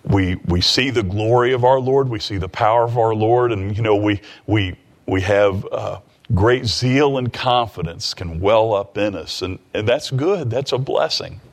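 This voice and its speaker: A man preaching a sermon in a conversational way, retelling a scripture story with quick asides and restarts. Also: lowish voice.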